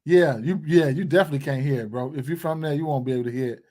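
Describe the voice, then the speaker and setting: A man with a fairly high voice chats live with his viewers about sports picks. he talks in a loose, rambling way, full of slang and asides to his audience. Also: racing, mellow. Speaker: sports betting live stream host. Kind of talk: casual live stream chat.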